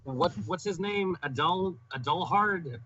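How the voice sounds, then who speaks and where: A man's voice: sits high, expressive, slow pace, pushed and bright, highs cut off, a little hiss or hum. A man playing in a tabletop game, casual, joking and profane. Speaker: player.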